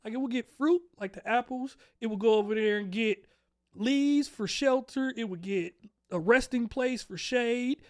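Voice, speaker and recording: A woman's voice: fairly high pitch, normal speed, darkish tone. A woman hosting a casual comedy talk show, telling stories in a loose, rambling way and laughing often. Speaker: show host.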